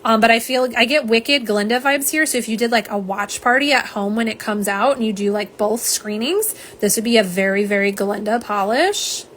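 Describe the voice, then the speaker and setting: Chatty woman, livestream polish host, slightly high voice, faint home hum. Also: moderate pace, few pauses, a bit bright. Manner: chatty, rambling, reads viewer comments aloud. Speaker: nail polish swatcher. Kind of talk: live unboxing chat.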